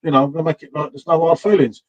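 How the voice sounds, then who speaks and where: A man's voice: a little high, fairly even intonation, racing, highs cut off. A man hosting a casual pub chat stream, telling blunt, sweary stories and repeating himself when worked up.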